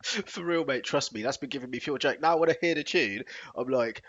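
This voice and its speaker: A man co-hosting a podcast, chatting casually in animated, slangy banter. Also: mid-range voice, a little fast, few pauses, muffled recording. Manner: animated, slangy banter with bursts of playful singing. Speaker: podcast co-host. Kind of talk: casual chat.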